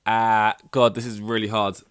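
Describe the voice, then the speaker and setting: A young man rambles through a casual solo podcast, full of ums and self-mocking asides. His voice sits a little low and sounds smooth and clean. The recording is dry and close, with no room echo. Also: flat delivery, normal speed, a bit bright. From London. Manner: rambling, self-deprecating, many fillers and restarts. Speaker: podcast host.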